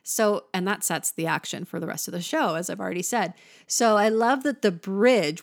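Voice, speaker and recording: A woman's voice: medium pitch, normal speed, no echo, studio quality. A woman giving a casual, enthusiastic music lesson, breaking into sung examples now and then. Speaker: music teacher.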